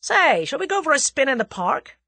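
A woman's voice: high-pitched, very animated, brisk, bright, forceful tone, no echo, voice pushed up, full character voice. A woman voicing a brash, friendly young American man who talks in folksy slang. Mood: earnest.

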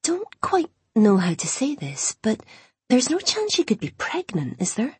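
A woman putting on a fussing husky mum. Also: high-pitched, wildly swooping pitch, normal speed, voice pushed up, full character voice. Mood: fussing, eager. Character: warm excitable Scottish mother, middle-aged.

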